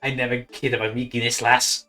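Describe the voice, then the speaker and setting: A man doing a bright Irish prophet bird. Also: medium pitch, level tone, a little fast, faint music behind, close to an everyday voice. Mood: mock grave. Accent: put-on Irish. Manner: mock-solemn, theatrical proclamations. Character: boozy male bird prophet craving beer. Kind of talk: comedic game dub.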